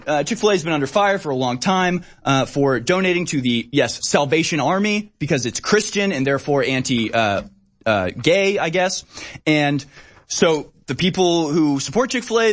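A man's voice: on the high side, animated, normal speed. A man delivering opinionated commentary in a sarcastic, emphatic ranting manner. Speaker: political commentator.

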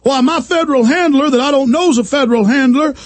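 A man's voice: very high voice, fast talker, no echo, voice pushed up. A man doing a whiny, sneering mock critic.

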